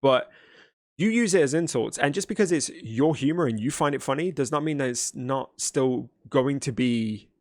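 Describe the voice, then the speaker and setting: A man's voice: medium pitch, expressive, normal speed, darkish tone, dry recording. Blunt exasperated man in a dry room. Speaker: streamer reacting to a video. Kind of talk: argumentative reaction commentary.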